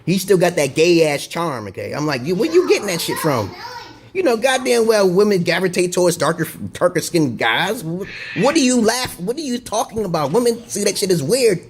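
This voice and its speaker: High-voiced man in a profane rambling rant. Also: lively intonation, a little fast. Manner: profane, rambling, digressive monologue; repeats himself and checks in with "okay?". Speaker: video blogger. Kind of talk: casual vlog rant to camera.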